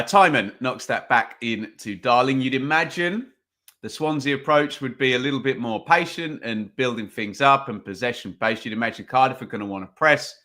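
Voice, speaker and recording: A man's voice: mid-range voice, pushed and bright. A man hosting a live football watch-along stream, chatting casually, reading out viewer comments and calling the match loosely. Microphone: desk microphone.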